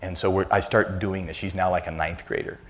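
A man in his fifties with a notably low, deep voice addresses a congregation in a relaxed, conversational sermon. He weaves in self-deprecating family stories before turning to his teaching. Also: a little fast. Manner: anecdotal, self-deprecating storyteller. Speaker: church speaker.

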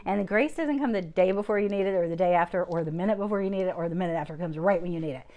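A guest speaker, middle-aged, gives her testimony rapid-fire into a handheld mic, with a lowish voice and lo-fi sound. Lively and laughing, she acts out the quoted voices in her story before leading a prayer.

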